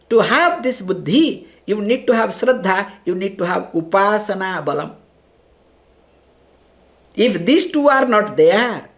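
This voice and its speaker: A woman giving a spiritual discourse on scripture. She explains patiently, answers her own rhetorical questions, and chants Sanskrit lines quickly. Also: medium pitch. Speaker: spiritual teacher.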